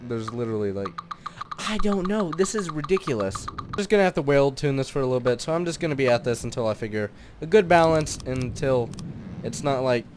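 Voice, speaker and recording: A man hosting a let's play, muttering his thoughts aloud as he builds and tests, then bursting into excited shouts. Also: mid-range voice, slight background noise. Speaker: gaming channel host.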